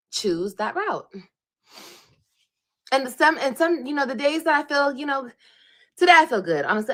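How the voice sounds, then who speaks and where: A woman's voice: mid-range voice, sharp tone. A pregnant woman ranting on a livestream, profane, repetitive and defiant. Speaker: livestreamer in a played clip.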